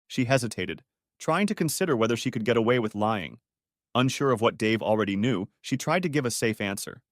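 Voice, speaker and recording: A man's voice: medium pitch, a little fast, dry recording, clean studio sound. A man narrating a dramatic story as an audiobook reader. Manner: expressive storytelling.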